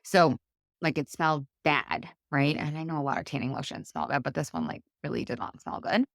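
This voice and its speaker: Low-voiced lady doing a chatty solo podcast, acts out little conversations, dry close sound. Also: a little fast, gravelly, dry recording. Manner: chatty, animated, acts out quoted dialogue. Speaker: podcast host and life coach.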